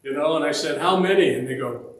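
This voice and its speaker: A man's voice: medium pitch, fairly even intonation, fast talker, reverberant, poor audio. A man teaching a church Bible study in a conversational way, often checking in with the group by asking "all right?". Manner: conversational, with restarts and fillers. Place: church meeting room.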